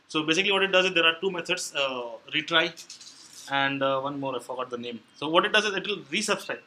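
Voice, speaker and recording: This is a man giving a live technical talk on Android programming in a tech meetup's meeting room, taking audience questions. He explains things step by step, full of fillers and restarts, in a fairly high, bright, forceful voice captured on a low-quality recording.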